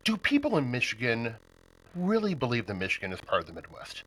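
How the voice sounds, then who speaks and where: A man's voice: mid-range voice, wildly swooping pitch, a little fast, fairly bright tone, slightly rough, poor audio. Chatty, upbeat man hosting. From Nebraska. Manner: upbeat and chatty, laughs often. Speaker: podcast host. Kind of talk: casual interview chat.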